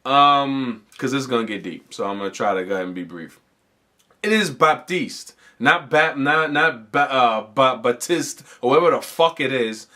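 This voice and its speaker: A young man hosting a comedy podcast, ranting casually with lots of swearing, restarts and animated asides. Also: mid-range voice, brisk, few pauses. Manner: profane, animated, rambling with frequent restarts. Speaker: podcast host.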